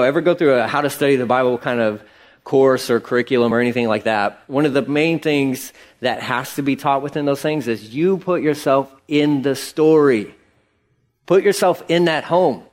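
A middle-aged man preaching a sermon in a conversational, emphatic way, with sudden rises in pitch. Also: a little mellow. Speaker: pastor.

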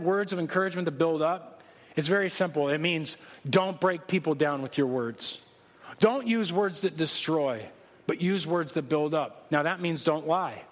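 Pastor guy preaching, highish voice, jokey and emphatic, big echoey church hall. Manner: conversational, joking, emphatic preaching. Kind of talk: sermon. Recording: long hall reverb.

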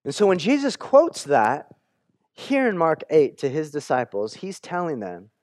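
Male pastor, conversational sermon, a bit high-voiced, dry close sound, restarts often, lively when quoting. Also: measured pace, dry recording. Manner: conversational, repeats words when restarting, quotes scripture with animated voices.

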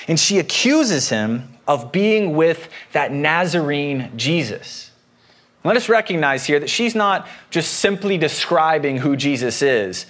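Higher-voiced man preaching conversationally. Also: fairly bright tone. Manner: conversational, explains with homely personal anecdotes. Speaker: pastor. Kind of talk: sermon.

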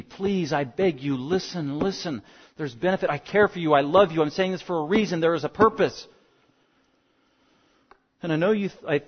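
A pastor preaching a sermon, pleading and swinging between quiet explanation and loud, urgent bursts. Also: male voice, a little high, in a large hall. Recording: dull lo-fi sound.

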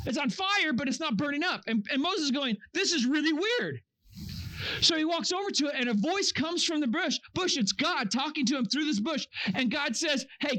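A camp speaker preaching to young teens, with a high, bright voice. The delivery is lively: the speaker tells the story with energy, acts out the quoted voices, and keeps asking the audience questions.

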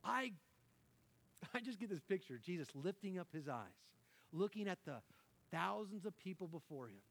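Pastor guy preaching, bit higher voice, laughs a lot, keeps restarting. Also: moderate pace. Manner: animated, laughing often, self-interrupting with restarts. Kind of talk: sermon.

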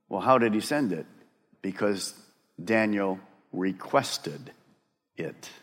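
A man preaching a sermon and talking straight to his congregation. He is animated and drops to a hush for emphasis. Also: lowish voice, slow, long pauses. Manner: addresses the congregation directly. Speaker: pastor. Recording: long reverb of a large hall.

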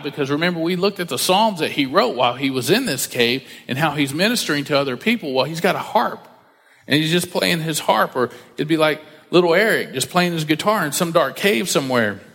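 A man with a slightly high voice preaches a relaxed, conversational sermon and slips into the voices of the people he quotes. His words ring out with a long reverb, as in a large church. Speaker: pastor.

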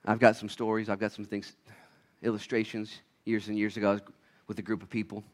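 A man preaching a sermon as a pastor, acting out little voices, swinging between loud shouts and quiet asides. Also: lowish voice, flat delivery, a little fast.

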